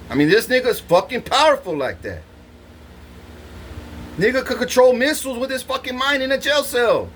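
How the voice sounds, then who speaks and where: High-voiced, swaggering, profane man. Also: animated, moderate pace, long pauses, fairly bright tone, a little hiss or hum. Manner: boastful, swears constantly, laughs between lines. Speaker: vlogger. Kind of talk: rambling profane storytelling.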